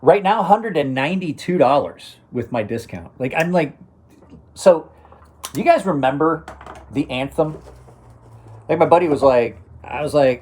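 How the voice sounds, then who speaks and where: Middle-aged guy live streaming about knives, kinda husky, rambles and restarts a lot, medium pitch. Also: animated, moderate pace, darkish tone. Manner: rambling, restarts sentences, chuckles to himself. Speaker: knife review channel host. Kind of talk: casual live-stream chat.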